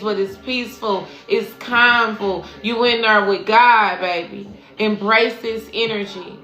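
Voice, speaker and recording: A woman's voice: a little high, pushed and bright. A woman spiritual coach giving a casual, profane livestream tarot reading, preaching and calling her listeners baby. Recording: echoey room with faint music.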